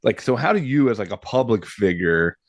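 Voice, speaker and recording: A man's voice: lowish voice, expressive, brisk, creaky, no echo. A man hosting a podcast who asks questions hesitantly, with many filler words. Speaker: podcast host. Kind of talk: casual interview questions.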